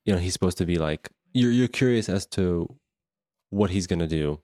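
Very deep-voiced man, dry close sound. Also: dark tone, no room sound. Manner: slow, meandering storytelling. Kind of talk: casual movie review chat.

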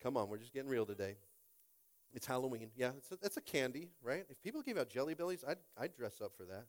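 A male pastor preaching a sermon in a church, animated, building to loud emphatic peaks and often asking "are you with me?". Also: medium pitch, quick pace. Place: church sanctuary with congregation.

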